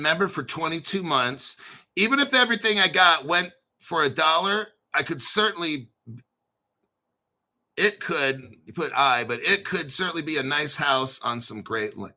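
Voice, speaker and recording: A man's voice: on the high side, bright, forceful tone. A man hosting a crypto channel, talking casually off the cuff in a blunt, boastful way full of swearing. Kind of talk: casual unscripted livestream talk.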